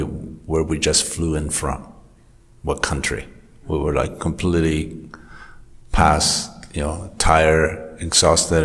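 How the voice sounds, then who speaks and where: A man giving an informal scripture class at a temple, telling stories in a relaxed, conversational way. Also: a bass voice. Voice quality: anecdotal, conversational storytelling. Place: temple hall.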